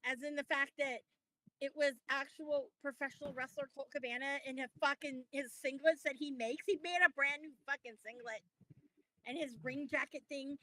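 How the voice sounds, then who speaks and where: A woman co-hosting a wrestling podcast, talking casually in an animated, profane rant. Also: high-pitched, moderate pace, rough recording. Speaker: podcast co-host. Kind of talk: casual chat.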